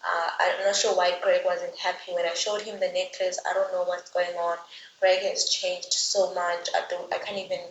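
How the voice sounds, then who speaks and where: A woman voicing an upset teenage girl who is tearful and confused, in a soft, hurt tone. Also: fairly low pitch, little pitch movement, moderate pace, slight background noise, natural voice. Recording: roomy, slightly dull recording.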